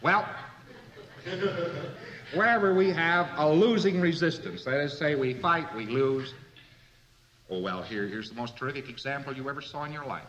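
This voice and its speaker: A man's voice: mid-range voice, expressive, moderate pace, pauses often, a bit bright, reverberant, muffled recording. A man giving a conversational lecture full of anecdotes, chuckling at his own points and asking rhetorical questions.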